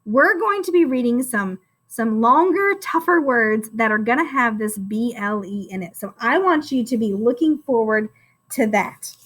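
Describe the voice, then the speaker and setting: A woman's voice: on the high side, expressive, moderate pace, a bit bright. A woman teaching a phonics lesson to young children, encouraging and sounding out words syllable by syllable.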